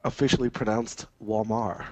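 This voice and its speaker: A man appearing as a guest on a casual roundtable, making dry, deadpan quips. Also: on the low side, normal speed. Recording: dull, dry sound.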